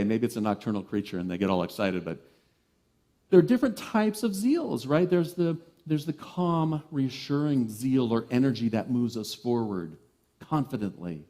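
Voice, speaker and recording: Warm, playful male reverend. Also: medium pitch, moderate pace. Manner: animated, playful, lively storyteller. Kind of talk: sermon.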